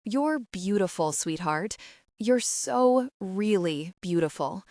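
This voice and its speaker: A woman reading the lines of a stubborn male bounty hunter in an audiobook, in a low, gruff manner. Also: lively intonation, takes it slowly, a little mellow, no room sound, clean studio sound. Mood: tender. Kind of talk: audiobook dialogue.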